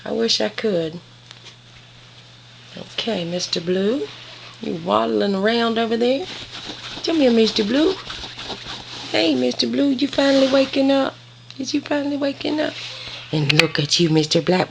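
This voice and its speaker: With vocal fry in her medium-pitched voice, a breeder narrates home footage of her puppies on a handheld camera, cooing baby talk and explaining them. There's slight background noise.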